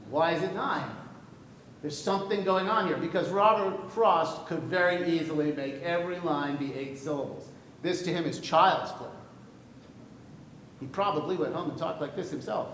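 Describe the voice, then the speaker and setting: Guy teaching poetry to a class, kinda high voice, quizzes the room, bit of echo and low hum. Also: moderate pace. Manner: lively, jokey, asks the class questions. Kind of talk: classroom lecture on verse. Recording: echoey room with light rumble.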